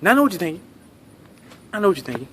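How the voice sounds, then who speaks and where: Lively, high-voiced male comedian telling a story. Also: rapid-fire, a little hiss or hum. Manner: animated, profane storytelling.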